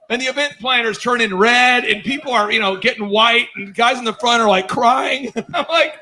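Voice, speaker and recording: High-voiced animated male conference speaker. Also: moderate pace, rough recording. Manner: animated, loud bursts when acting out scenes, laughs mid-sentence. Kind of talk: comedic storytelling keynote. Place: conference stage before a live audience.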